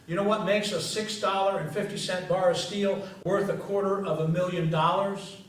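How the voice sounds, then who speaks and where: Pastor with a fairly high voice, storytelling sermon, dramatic pauses, recorded from far back in a very echoey sanctuary. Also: male voice, fairly even intonation. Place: church sanctuary. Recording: echoey church from a distance.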